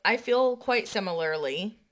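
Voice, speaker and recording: A young woman co-hosts a podcast with a very bright, crisp tone. She chats casually and rambles through her stories, filling them with "like" and "you know.". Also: medium pitch, lively intonation, a little slow. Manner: chatty, rambling anecdotes full of fillers. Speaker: podcast co-host. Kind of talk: casual chat.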